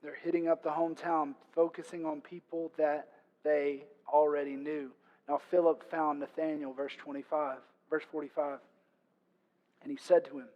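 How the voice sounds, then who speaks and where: A man preaching a sermon as pastor, conversational with playful sarcastic asides, moving between hushed tones and loud emphatic stretches. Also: a little high, little pitch movement, moderate pace, dull audio.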